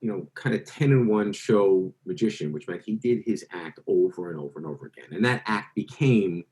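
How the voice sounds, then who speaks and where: In a conversational interview, a guest author tells stories at length, rambling and often correcting himself. His low, darkish voice is expressive and a little fast. The audio is poor.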